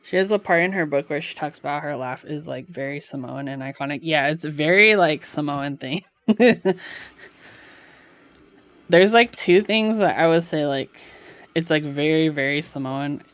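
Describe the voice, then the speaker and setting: A woman's voice: low-pitched, normal speed, a bit bright, no room sound. A woman live streamer at home, chatting casually with her viewers, with lots of filler "like" and easy laughter. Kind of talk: casual chat while reading live chat.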